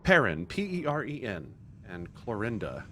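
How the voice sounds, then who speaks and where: A man's voice: on the low side, wildly swooping pitch, moderate pace, background noise. A man narrating a tabletop game as game master, hesitant with many fillers.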